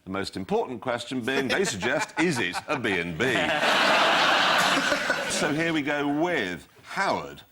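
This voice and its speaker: A man's voice: mid-range voice, sing-song, measured pace, heavy background noise. A man hosting a comedy quiz show, reading jokes in a wry way to a studio audience. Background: studio audience laughter.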